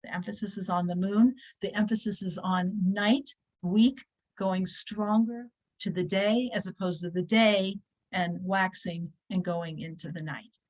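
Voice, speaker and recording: A woman teaches a weekly religious class in a lively, conversational way. Her voice sits in a middle pitch, and she repeats key phrases to drive them home. Now and then she slips into short quoted voices to act out a point. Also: unhurried, poor audio. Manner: animated, acts out little quoted voices.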